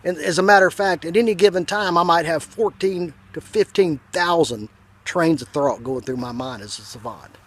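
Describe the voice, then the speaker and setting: A man with a Southern US accent telling a folksy comic story in a slow, drawling, deadpan way. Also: on the high side. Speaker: comedian.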